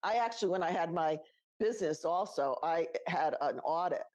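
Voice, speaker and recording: A middle-aged podcast co-host with a voice on the low side, slightly mellow and animated, tells casual personal stories at a moderate pace. She laughs throughout and performs the voices of those she quotes, captured in a dry recording.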